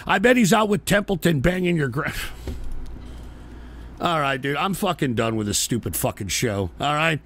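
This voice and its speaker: Gravelly, exasperated male talk host. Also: high voice, no room sound. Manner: exasperated, profane, yelling at trolls. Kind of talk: live political talk show.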